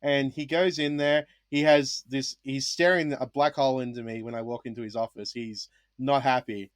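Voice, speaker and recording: A man's voice: mid-range voice, moderate pace, dry recording, clean studio sound. A young man from Australia, a former English teacher, telling a story in a casual podcast chat and acting out the lines of the people in it. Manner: animated, acts out past dialogue.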